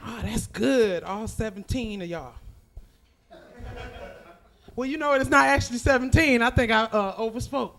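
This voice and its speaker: A woman's voice: on the high side, normal speed, pauses often, fairly bright tone. A woman doing stand-up comedy, brash and profane, talking to the crowd.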